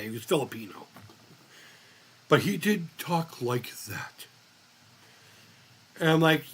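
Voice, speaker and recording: A man's voice: mid-range voice, expressive, moderate pace, creaky, long pauses, a bit bright, slightly rough. A man hosting a casual livestream chat, telling long stories in a rambling way and swearing freely. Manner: profane, rambling storyteller. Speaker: livestream host.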